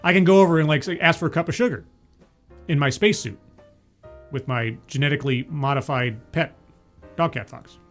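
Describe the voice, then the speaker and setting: A man's voice: fairly high pitch, a little fast, pauses often, a bit bright, soft background music. A man giving casual reaction commentary on a talk, rambling with jokey asides and many fillers and restarts.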